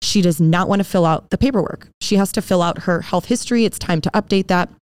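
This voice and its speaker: A woman's voice: on the low side, fast talker, clean tone. A woman guest on a dental podcast, chatting casually and acting out the people in her stories. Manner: storytelling, acts out quoted dialogue.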